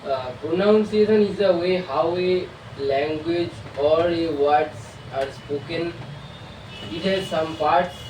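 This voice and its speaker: Indian guy giving a class presentation, slow and hesitant, lots of uhs, sounds far off in an echoey room. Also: fairly high pitch, darkish tone. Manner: hesitant, frequent filler sounds and restarts. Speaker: student. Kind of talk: prepared oral presentation. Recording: echoey room, far from mic, faint hiss.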